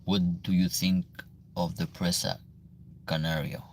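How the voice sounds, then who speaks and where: A very deep, gravelly Albanian-accented man hosts a casual livestream. He reads viewer comments aloud and answers them in halting, broken English, with a faint hiss of noise behind him. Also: level tone, a little mellow.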